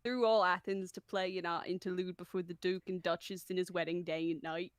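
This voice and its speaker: A woman's voice: on the low side, fairly even intonation, smooth, no room sound, studio quality, lightly acted. A woman reading a fussy carpenter-director. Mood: bossy. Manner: brisk, clipped, slightly put-on accent.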